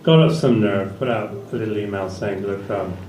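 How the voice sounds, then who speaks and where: A man's voice: fairly low pitch, moderate pace, a little mellow, a little hiss or hum. A man performing a stand-up comedy set in a small venue, rambling in a dry tone with fillers. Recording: echoey venue, picked up from a distance, faint ambience.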